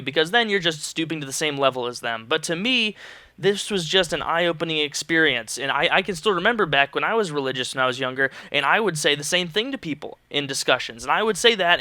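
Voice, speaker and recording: A man's voice: on the high side, clear, resonant tone, dry recording. A young man talking earnestly to camera in a casual, rambling vlog monologue. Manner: earnest, rambling, animated when quoting others. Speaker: vlogger.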